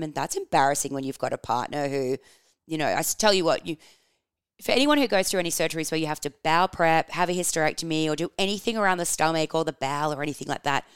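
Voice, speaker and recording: A woman, telling personal stories in a frank, animated way, swearing casually and laughing as she talks. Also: low-pitched, smooth, dry recording, clean studio sound. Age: 30s. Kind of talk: personal storytelling, candid and confessional.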